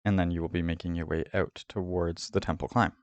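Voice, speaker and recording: A man hosting a route guide, giving a steady, methodical voice-over about a race course. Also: deep voice, a little fast, no echo. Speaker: host of a cycling route guide. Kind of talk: scripted voice-over over game footage.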